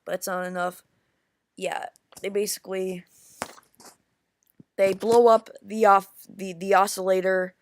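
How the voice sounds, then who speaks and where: Slow, halting woman reviewing a film. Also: mid-range voice, slight background noise. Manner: rambling, halting with many restarts; excitable, addresses viewers as guys. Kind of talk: casual video review.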